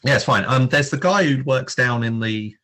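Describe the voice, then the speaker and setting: A man's voice: medium pitch, moderate pace, a bit bright. A man co-hosting a casual film review podcast, talking hesitantly with many fillers while recalling cast details. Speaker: podcast co-host.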